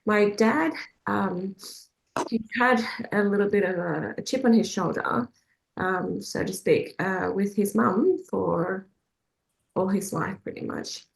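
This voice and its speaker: A slow-paced Australian woman with a medium pitch and vocal fry tells a personal story while leading a faith group meeting. She's chatty and hesitant, leaning heavily on fillers and laughing often, in a roomy, echoey recording.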